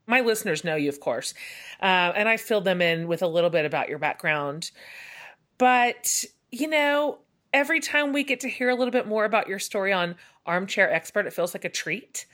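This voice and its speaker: A woman's voice: medium pitch, animated, moderate pace, fairly bright tone. Effusive woman podcast host. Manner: effusive, enthusiastic, many fillers. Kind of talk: casual interview chat.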